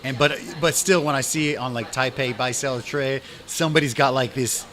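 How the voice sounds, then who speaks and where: A man's voice: medium pitch, steady tone, fairly quick, fairly bright tone. Laid-back, enthusiastic male podcast host. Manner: laid-back, enthusiastic, stammers and repeats words. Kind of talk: casual chat. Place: restaurant.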